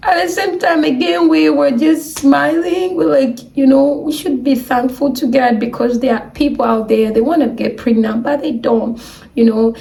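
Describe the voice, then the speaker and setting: A young woman from Africa, telling an emotional storytime vlog, laughing often between slow phrases. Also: high voice, fairly even intonation, creaky, warm tone, far from the mic, low-quality recording. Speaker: vlogger.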